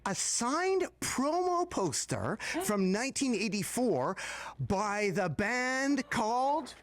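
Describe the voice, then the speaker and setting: A woman interviewer asking quick, playful questions in a bouncy way. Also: fairly high pitch, very animated.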